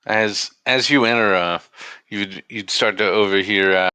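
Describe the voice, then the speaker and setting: A man serves as game master, narrating scenes in a halting, stop-and-start way. His voice is bright and forward, recorded close and dry with almost no room sound. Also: on the low side, steady tone, smooth, no room sound.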